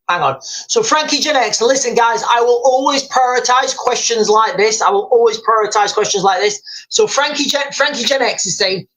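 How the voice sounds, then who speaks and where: A man's voice: high voice, pushed and bright, low-quality recording. A middle-aged man hosting a casual live stream, telling rambling stories and calling his viewers guys, with many restarts.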